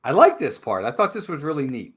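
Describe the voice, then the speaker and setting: His voice sits a little high and carries a breathy edge, and he talks fairly quickly. Co-hosting a movie review show, he chats casually and recounts the plot with animated flair, acting out the characters' lines.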